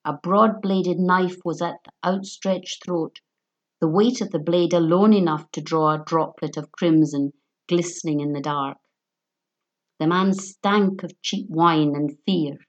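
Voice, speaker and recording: A woman reading a story aloud in a measured, even narration. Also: lowish voice, dull audio.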